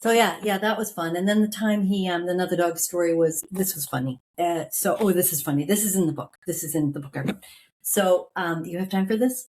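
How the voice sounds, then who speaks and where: As a podcast guest being interviewed, a woman tells a family story with lively, animated energy, acting out her relatives' voices and lines. Her voice is a little low for a woman and her pace a little fast.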